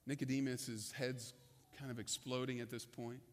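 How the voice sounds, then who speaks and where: A man preaching a sermon, retelling the story in a conversational, storytelling way with dramatic pauses. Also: medium pitch, little pitch movement, big-room sound. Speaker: pastor.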